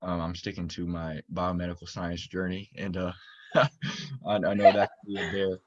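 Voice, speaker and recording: A young man from Florida with a very low, deep voice tells his story as a guest in a casual interview. He talks earnestly and rambles with many fillers. The sound is dry and a little dull, as from a lo-fi recording. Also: completely flat delivery, moderate pace, no room sound. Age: young adult. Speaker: student-athlete guest.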